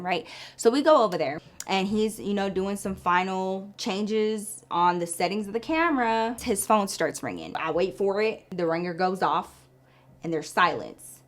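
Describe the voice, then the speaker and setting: A woman in her thirties telling a story to her viewers in a casual, animated way, swearing freely. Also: fairly low pitch. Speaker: vlogger.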